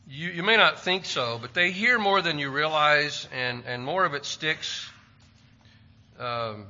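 A pastor preaches in a plain-spoken, lightly humorous way, quoting stock sayings. His voice is fairly high, pushed and bright. The lo-fi recording sounds dull.

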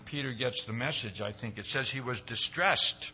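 A man's voice: normal speed, few pauses, breathy edge. Male preacher, conversational sermon, keeps asking "See?", slightly dull recording. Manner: acts out quoted dialogue with rising pitch.

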